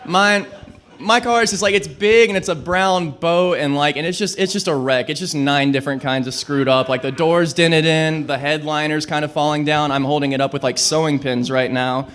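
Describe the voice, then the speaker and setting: A young man works through a stand-up set on a small club stage, his voice sitting a little high. He rambles, leans on "like" and keeps poking fun at himself as he talks into a handheld mic. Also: steady tone, moderate pace, a bit bright. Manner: rambling, self-deprecating, lots of "like". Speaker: stand-up comic.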